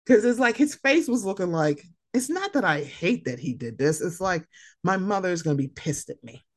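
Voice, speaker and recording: Casual co-host, woman, lowish voice, swings widely in pitch, profane and animated. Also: moderate pace. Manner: animated, profane, laughing, acts out quotes. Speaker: podcast co-host. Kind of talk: casual chat.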